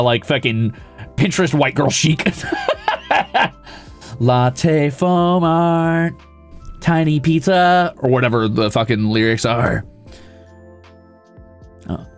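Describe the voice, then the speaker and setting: A young man streaming casually, reading viewer comments aloud and ranting with lots of swearing, flipping between outrage and mock calm. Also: a little high, slow pace, pauses often, faint music behind. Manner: profane, excitable ranting that swings to mock calm.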